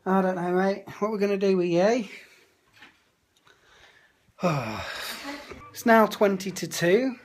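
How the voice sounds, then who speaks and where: A man's voice: high-pitched, slow pace, pauses often, slight background noise. A man, chatting casually into his phone about his day at home, grumbling with indignant asides. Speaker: vlogger. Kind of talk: casual vlog chat. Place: family home. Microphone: phone held at arm's length.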